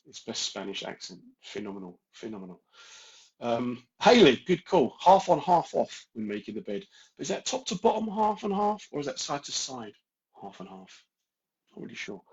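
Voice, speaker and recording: A man's voice: on the low side, lo-fi sound. A man with a London accent hosting a casual live stream from home, joking and greeting viewers by name. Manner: straight-talking, jokey, addresses viewers by name.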